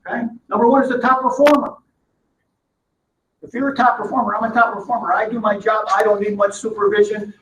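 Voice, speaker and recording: Guy running a training seminar, high voice, keeps firing questions at the room, dull lo-fi recording with a faint hum. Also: steady tone, brisk, a bit bright. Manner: punchy, emphatic, asks the room questions. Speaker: management trainer. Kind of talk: seminar lecture. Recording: roomy, distant, dull lo-fi sound.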